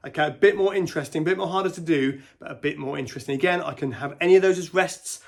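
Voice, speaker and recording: A man's voice: a little high, racing, vocal fry. A man teaching guitar in a casual way, counting beats and scatting rhythms aloud. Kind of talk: casual instructional talk. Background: guitar and backing track playing.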